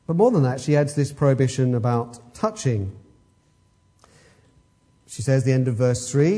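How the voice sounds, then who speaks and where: A man's voice: mid-range voice, lively intonation, moderate pace, long pauses, mellow. A man preaching an expository sermon, emphatic and fond of rhetorical questions.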